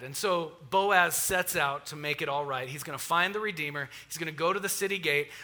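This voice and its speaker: Bright-voiced man preaching a lively sermon. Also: on the high side. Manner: lively, conversational storytelling with asides to the congregation. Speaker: pastor.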